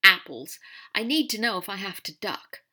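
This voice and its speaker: A woman's voice: mid-range voice, expressive, moderate pace, sharp tone, voice pushed up. A woman reading aloud and voicing a theatrical young man who declaims clumsy verse to win back his mate. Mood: wry. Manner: showy, declaiming.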